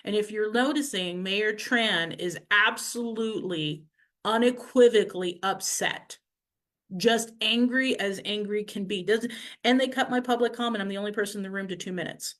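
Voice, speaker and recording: A councilwoman recapping events to her viewers, animated, acting out the people she quotes. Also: mid-range voice, moderate pace. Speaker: city councilwoman.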